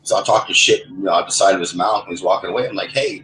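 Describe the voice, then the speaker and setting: A man's voice: sits low, fast, few pauses, bright, forceful tone. A man telling an angry, profane story in casual chat, stammering and restarting as he goes. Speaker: gamer in a voice lobby. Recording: echoey room, faint background noise.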